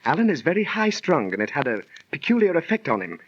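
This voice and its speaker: A man's voice: a little high, sing-song, fast talker, a little hiss or hum. A man playing a concerned fellow actor in a 1930s radio drama, speaking in archaic phrasing. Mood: worried. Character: anxious, sensible male fellow actor. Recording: muffled 1930s transcription disc.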